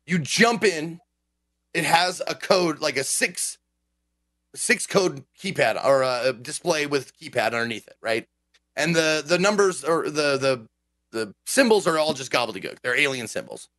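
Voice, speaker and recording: Animated swearing man ranting. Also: fairly high pitch, unhurried, no echo. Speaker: game streamer. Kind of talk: casual podcast chat.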